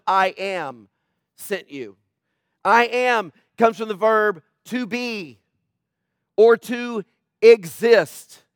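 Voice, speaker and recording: A man's voice: high-pitched, fairly bright tone, no echo, studio quality. A male pastor preaching a sermon, emphatic and full of rhetorical questions to the congregation.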